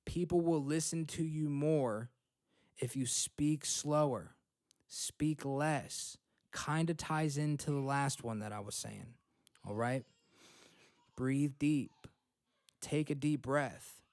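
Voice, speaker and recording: A young man on his own self-help podcast, talking bluntly and swearing freely. His voice sits a bit high and comes through smooth and resonant. The sound is close and dry, with almost no room echo. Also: slow, long pauses, darkish tone. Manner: blunt, swears freely, repeats points with "okay?" and "right?". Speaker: podcast host. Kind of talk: motivational self-help talk. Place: home.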